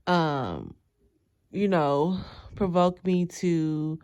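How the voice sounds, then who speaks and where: Storytelling woman, lowish voice, lively, acts out her lines, dry close mic. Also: drawn-out words, smooth, dry recording. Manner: animated, acts out her own lines, laughs often. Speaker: host telling a dream. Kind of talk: casual storytelling.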